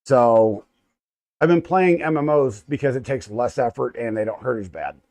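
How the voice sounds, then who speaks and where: A man's voice: medium pitch, expressive, normal speed, a little mellow. An American man in his thirties hosting a casual livestream from his home workshop, rambling and greeting viewers by name with frequent stumbles and restarts. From United States. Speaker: livestream host. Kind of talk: casual live chat with viewers.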